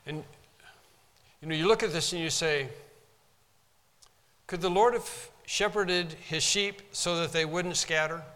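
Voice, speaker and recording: A man preaching from the pulpit, emphatic and stressing his words. His voice sits high for a man and sounds bright and forceful. A long reverb hangs behind him from the sanctuary. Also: a little slow, pauses often. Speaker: pastor. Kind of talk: sermon. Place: church sanctuary.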